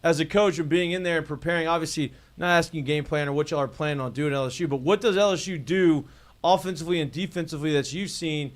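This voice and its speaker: Higher-voiced host asking long questions. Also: male voice, fast. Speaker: podcast co-host. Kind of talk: casual interview chat.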